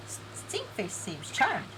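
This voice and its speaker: A woman's voice: mid-range voice, background noise. A woman live-streaming an online game event, chatty and giggly, reading game text aloud.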